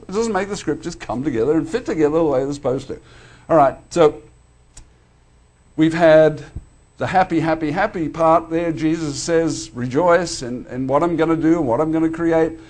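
Animated older man preaching a sermon. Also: fairly high pitch, measured pace. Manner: conversational, animated, frequent tag questions.

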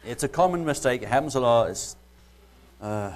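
A man's voice: medium pitch, lively intonation, moderate pace. A man with a British accent preaching a sermon, first joking lightly, then reading Bible verses and explaining them earnestly.

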